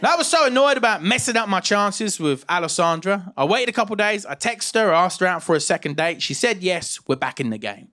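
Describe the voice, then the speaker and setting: Young stand-up guy, bit high voice, jumps around a lot in pitch, self-mocking stories. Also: brisk, few pauses. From England, Essex. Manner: animated, self-mocking storytelling. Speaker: stand-up comedian. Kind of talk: stand-up comedy. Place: comedy stage before an audience.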